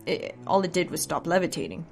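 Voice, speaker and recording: A drunk woman voicing a nervous, polite young man who talks high and hesitantly in a storybook reading. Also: very animated, a little fast, creaky, faint music behind. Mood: fretful.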